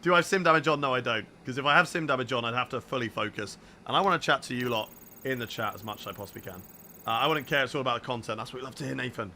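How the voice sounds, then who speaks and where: A man's voice: mid-range voice, very fast, pushed and bright, slight background noise. A young man live-streaming a racing game, chatting casually and answering viewer questions between laps. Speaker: gaming streamer.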